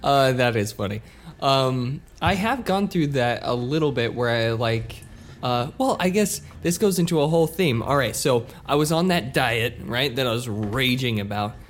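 In this casual podcast chat, a male co-host with a medium-pitched voice talks at a normal speed with lively intonation. His storytelling wanders, full of fillers, jokes on the side and casual swearing.

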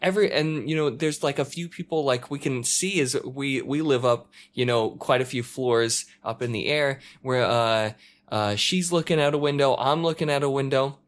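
A man chatting casually, telling a story with lively acted-out quotes and shouts. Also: medium pitch, normal speed. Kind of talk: casual chat. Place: apartment in a multi-story building.

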